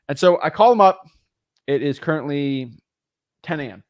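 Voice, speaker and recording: A young man teaching real estate wholesaling in an energetic, casual way, acting out both sides of phone calls with sellers. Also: on the high side, normal speed, long pauses, no echo.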